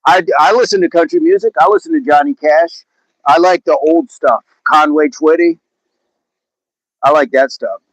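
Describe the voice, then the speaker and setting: A man's voice: a little high, normal speed, no room sound, rough recording. A man from Oklahoma chatting casually on a livestream, reading viewer comments, laughing and talking about music and movies. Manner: chatty, laughs often, slips into put-on accents. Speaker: livestream host.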